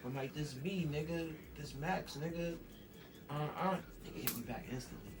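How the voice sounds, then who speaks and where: Animated man telling a story, slang-heavy. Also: a little high, normal speed, distant mic, background noise. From New York. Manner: animated, acts out quoted dialogue, heavy slang. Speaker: rapper guest. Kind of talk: casual storytelling interview.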